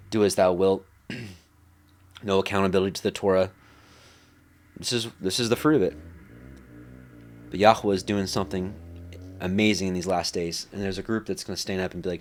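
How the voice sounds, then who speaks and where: A man's voice: fairly low pitch, normal speed. Man teaching scripture in an easy, chatty way. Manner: conversational, with many fillers and lively acted-out quotes. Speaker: Bible teacher. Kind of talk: casual Bible study teaching.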